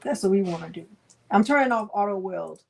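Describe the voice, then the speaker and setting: A middle-aged woman hosting a live craft software tutorial, chatting with viewers by name while she demonstrates. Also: mid-range voice, lively intonation, a little fast, gravelly, slightly rough.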